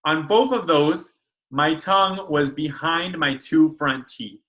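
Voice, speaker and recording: Slow, clear-voiced man teaching speech sounds. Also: a little high, sharp tone, poor audio. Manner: slow, careful modeling of sounds. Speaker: speech therapist. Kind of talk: instructional video lesson. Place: school.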